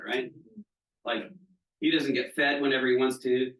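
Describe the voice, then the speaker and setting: A middle-aged man runs a wellness training session for an audience, speaking in a chatty, casual live-seminar style and often checking whether listeners are following. His mid-range voice is steady and fairly bright, at normal speed with long pauses. He is picked up from a distance, off mic, in an echoey room.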